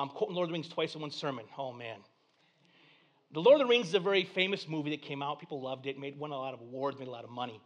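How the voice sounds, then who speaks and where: Animated high-voiced male preacher. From Flint, Michigan. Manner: animated storytelling, acting out voices. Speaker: pastor. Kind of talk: sermon.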